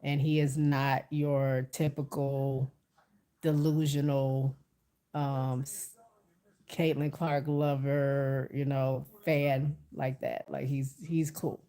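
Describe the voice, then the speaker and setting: A livestreamer, congested from a cold, talks casually to viewers and reads their comments aloud. The voice sits in a mid range and is neither high nor low. The delivery is loose and conversational, with frequent stops and restarts. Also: little pitch movement, slow pace, warm tone. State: stuffy from a cold.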